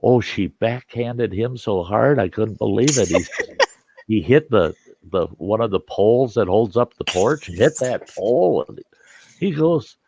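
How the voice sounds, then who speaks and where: A man's voice: on the low side, animated, unhurried, warm tone, husky. A man hosting a campfire show, telling a funny story and laughing often. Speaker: host.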